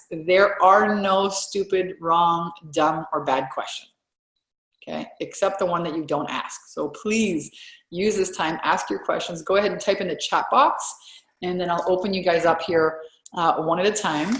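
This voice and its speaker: An energetic woman coach talks a live group through their wins, gushing, with sudden excited leaps in her voice. Her mid-range pitch rings in a roomy, echoing space. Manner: upbeat and effusive, with big excited jumps in pitch. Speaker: business coach hosting a group call.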